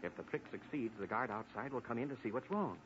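An actor playing a steady federal agent who gives firm, urgent orders, in 1940s radio acting. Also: male voice, medium pitch, fast talker, natural voice. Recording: dull old radio recording, faint hiss.

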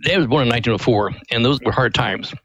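A man's voice: mid-range voice, fast talker, poor audio. A middle-aged man, a ministry president, telling stories in an earnest, folksy way as a radio guest. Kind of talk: radio interview storytelling.

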